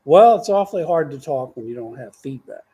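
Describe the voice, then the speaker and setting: A man's voice: fairly high pitch, lively intonation, a little fast, warm tone, slightly rough. An older man, rambling folksy stories to his grandchildren as host of a casual chat. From Texas.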